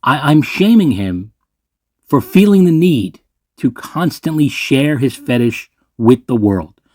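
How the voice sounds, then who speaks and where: A man's voice: mid-range voice, sing-song, slow pace, a little mellow, no echo. Male movie reviewer, sarcastic rant, swears, dry close sound. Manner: sarcastic, ranting, swears freely. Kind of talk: ranking list commentary.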